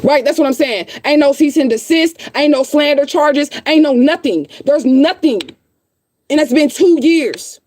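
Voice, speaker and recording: A woman's voice: high voice, normal speed, a little mellow, slight background noise. A woman hosting her own livestream, ranting heatedly and swearing, repeating herself as she answers viewers. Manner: heated, profane, repetitive. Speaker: livestream host. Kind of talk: casual livestream rant.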